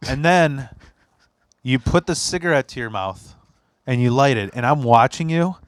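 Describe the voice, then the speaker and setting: A man hosts a loose podcast chat, spinning a long story with bursts of laughter and plenty of swearing. His voice sits at an ordinary middle pitch, and the sound is dry and close, with no room around it. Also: moderate pace, clean tone, no echo. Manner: laughing storyteller, profane and teasing. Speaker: podcast host. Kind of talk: casual chat. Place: basement.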